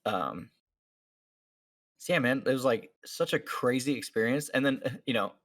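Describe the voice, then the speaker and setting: A man's voice: mid-range voice, animated, a little slow, fairly bright tone. A man on a podcast telling a story in casual chat, acting out what each person said, with many fillers. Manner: acts out the people in his story, many fillers. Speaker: podcast host.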